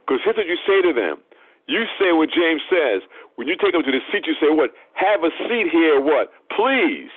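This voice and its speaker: A man's voice: mid-range voice, dry recording. A man preaching a sermon, emphatic and repeating phrases for stress. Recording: tinny phone-like sound.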